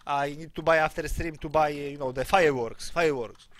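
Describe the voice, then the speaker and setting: A man's voice: a little high, brisk, fairly bright tone. A man with a Polish accent streaming a shooter game, joking around in broken English with his teammates. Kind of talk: casual game-stream chat. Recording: gunfire from the game behind. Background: game gunfire.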